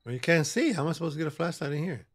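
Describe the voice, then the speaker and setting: Guy streaming a horror game, sassy jokey banter, slightly high voice that bounces all over. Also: lively intonation, very fast, slight background noise. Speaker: gaming channel host.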